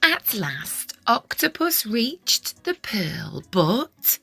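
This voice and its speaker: A woman reading a children's picture book aloud in a sing-song, expressive way, her voice husky and breathy and often sinking to a whisper. She reads very slowly, and her pitch rolls up and down through every line. Soft music plays underneath. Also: dry recording. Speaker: children's story reader.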